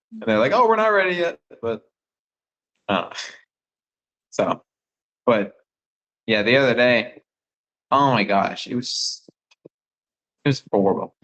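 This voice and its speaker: A young man, a missionary phoning home, telling rambling, excitable stories full of fillers. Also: lowish voice, slow pace, long pauses, highs cut off. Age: young adult. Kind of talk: casual phone chat with family.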